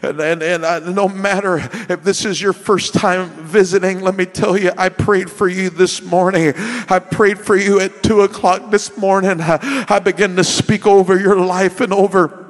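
A male pastor with a high, ringing voice preaches with fervor, circling back over his own phrases and climbing into shouts. The sound carries a long hall reverb from the sanctuary. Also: steady tone, moderate pace. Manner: passionate, rising to shouts, repeating phrases. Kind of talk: preaching a sermon.

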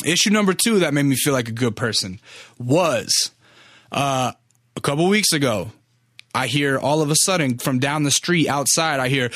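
A man's voice: mid-range voice, expressive, normal speed, fairly bright tone, dry recording, clean studio sound. A young man casually telling a long story, rambling and cursing freely, with lots of filler words. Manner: rambling, profane, filler-heavy.

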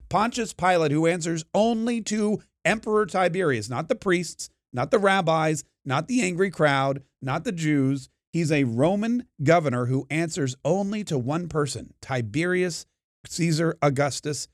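A man's voice: fairly high pitch, no room sound, clean studio sound. A man giving an emphatic, opinionated monologue, acting out the voices of the people in the story he tells. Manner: emphatic, acts out quoted crowds. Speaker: podcast host.

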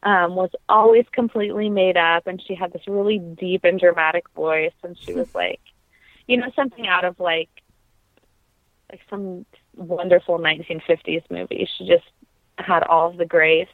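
Woman, opera singer, reflective, gravelly fry, tinny dry sound. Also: fairly low pitch, steady tone, normal speed, no room sound. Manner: reflective, heartfelt, many fillers. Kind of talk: casual interview.

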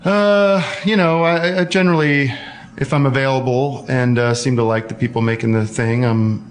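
A man's voice: medium pitch, steady tone, moderate pace. A man hosting a casual call-in show, rambling and joking with many fillers and restarts. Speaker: host taking listener calls.

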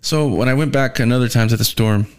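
A man's voice: mid-range voice, fast talker, clear, resonant tone. A man working as a delivery driver tells a casual, rambling storytime rant, swearing heavily and sounding weary and fed up. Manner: profane and rambling, heavy swearing.

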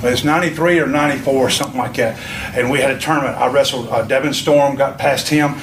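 Veteran wrestler's rambling pep talk. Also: male voice, medium pitch, steady tone, fast. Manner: rambling, emphatic, repeats himself. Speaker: veteran wrestler coaching a young wrestler. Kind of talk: motivational pep talk from a promo video. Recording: echoey, distant, noisy room.

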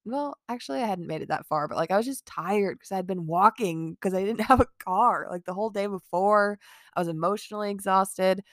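A woman's voice: medium pitch, brisk, no echo, studio quality. A young woman vlogger telling a casual storytime, rambling with lots of "like" fillers, swearing and laughing between lines.

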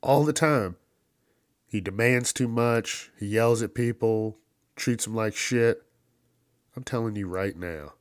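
A man hosting a casual solo podcast, ranting profanely and laughing at his own jokes, with loud mocking put-on voices for the people he quotes. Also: fairly low pitch, takes it slowly, pauses often, no echo, studio quality. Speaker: podcast host.

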